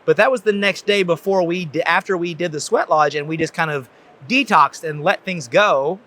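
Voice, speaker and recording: A man with a softened Southern accent hosting a podcast, introducing his guest in a rambling, enthusiastic way. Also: on the high side, normal speed. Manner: rambling, many fillers and restarts, enthusiastic. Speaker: podcast host, chiropractor. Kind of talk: casual conversation, introducing a guest.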